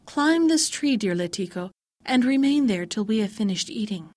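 A woman voicing two gentle, kindly hares who speak slowly. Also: a little high, animated, no room sound, clean studio sound. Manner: slow, gentle.

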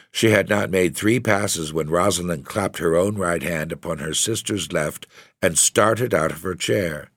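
A man narrating a gothic story with a measured, deliberate reading. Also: sits low, no room sound, studio quality. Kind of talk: scripted narration of a gothic tale.

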